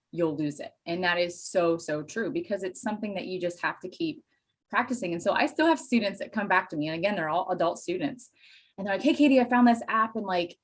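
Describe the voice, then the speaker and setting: A woman from Pennsylvania, a Spanish teacher and dairy farmer, chatting as an interview guest with enthusiastic, animated storytelling and self-deprecating asides. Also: on the low side. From Pennsylvania, USA. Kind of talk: casual interview chat.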